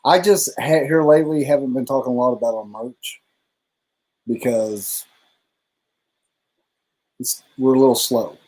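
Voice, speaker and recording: Brief: man, mellow dark voice, relaxed rambling livestream co-host who swears casually. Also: mid-range voice, a little slow, long pauses, poor audio. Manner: laid-back, rambling, curses casually. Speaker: co-host of a motorcycle channel livestream.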